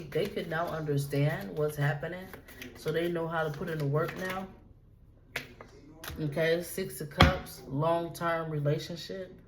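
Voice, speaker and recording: A woman's voice: sits low, slight background noise, low-quality recording. A woman giving a casual tarot reading, talking straight to her viewers in a loose, repetitive, profane way. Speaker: tarot reader.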